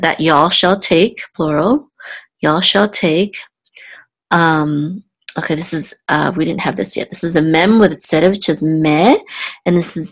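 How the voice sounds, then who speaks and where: A woman's voice: on the low side, slightly rough. Patient woman teaching Hebrew letters. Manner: patient, step-by-step, many ums and restarts. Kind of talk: one-on-one lesson, explaining letters slowly.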